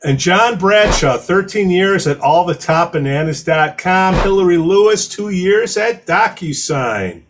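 Brief: male co-host, fairly high voice, playful teasing, faint hiss behind. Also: expressive, measured pace, hardly any pauses. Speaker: podcast co-host. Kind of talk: casual podcast chat.

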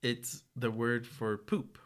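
A man's voice: mid-range voice, level tone, slow pace, a bit bright. A man from New Mexico, co-hosting a podcast, who explains points in a casual, clarifying way. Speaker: podcast co-host. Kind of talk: casual chat.

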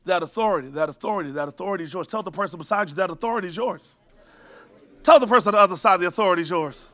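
A man preaching a sermon with high energy, calling out to the congregation to repeat after him and cracking jokes along the way. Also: rapid-fire, a bit bright. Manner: jokey asides to the crowd. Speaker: pastor.

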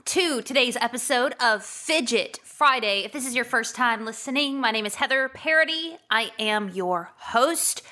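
A woman with a Texan accent hosting a solo podcast, talking to her listeners in an energetic, emphatic, casual way. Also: fairly high pitch. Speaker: podcast host.

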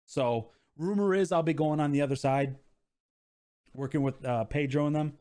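A man co-hosting a podcast, telling stories in casual chat with lively energy. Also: moderate pace, clean tone. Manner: animated storyteller, expressive pitch swings. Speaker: podcast co-host.

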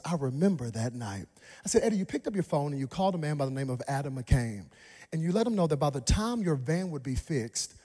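A man in his thirties preaching a sermon, telling a personal story in an animated way and jumping into high, excited voices when he acts out the people in it. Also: breathy edge. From Dallas, Texas. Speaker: pastor. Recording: long hall reverb.

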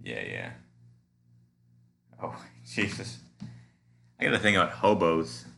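Male podcast host, deep voice with fry, rambling halting monologue. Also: wildly swooping pitch, sharp tone, a little hiss or hum. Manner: musing, meandering, halting with many fillers. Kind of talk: casual rambling solo monologue.

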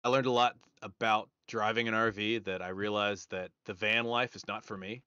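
Podcast host man, low bright voice, dry wry remarks, dead-dry lo-fi sound. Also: fairly even intonation, moderate pace, clear, resonant tone, dry recording. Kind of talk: casual chat. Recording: dull lo-fi audio.

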